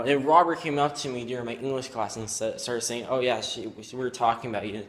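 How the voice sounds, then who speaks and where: A teenage boy telling a personal story at home, rambling and halting with many fillers. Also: medium pitch, steady tone, a little hiss or hum. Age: teens. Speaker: student vlogger. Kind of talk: casual storytelling.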